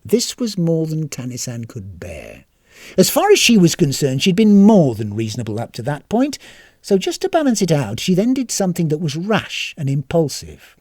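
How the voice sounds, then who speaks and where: A storyteller narrating a scripted story in a wry, expressive way. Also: mid-range voice, normal speed, no echo, studio quality.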